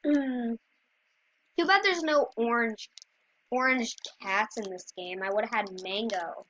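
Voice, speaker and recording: A woman's voice: fairly high pitch, slow pace, fairly bright tone. A woman chatting to her viewers in rambling, casual gameplay commentary. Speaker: gameplay video creator. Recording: dull lo-fi dry recording.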